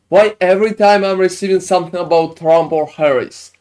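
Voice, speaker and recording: A man with a high-pitched, slightly mellow voice talks a little fast with few pauses. He's streaming a game, casually chatting with viewers as he reviews their builds. He swears often and his phrasing sounds non-native.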